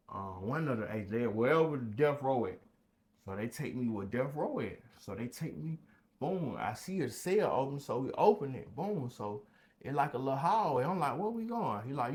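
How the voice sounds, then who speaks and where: A young man telling a story casually on a podcast, acting out voices with sudden loud high bursts.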